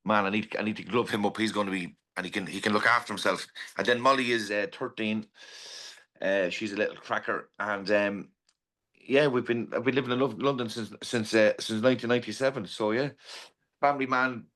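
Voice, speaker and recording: Rambling Irish man, low voice. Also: fairly even intonation, fairly quick, sharp tone. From Ireland. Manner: rambling storyteller with many restarts. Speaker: podcast guest, pub owner. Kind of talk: casual podcast chat.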